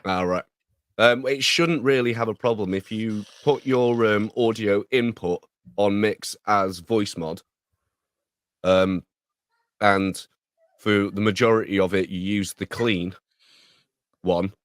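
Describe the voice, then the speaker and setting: A man's voice: fairly low pitch, slow pace, pauses often, no echo, clean studio sound. Laid-back man co-hosting a podcast. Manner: laughs easily, explains tech with many ums. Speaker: podcast co-host. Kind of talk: casual pre-show chat.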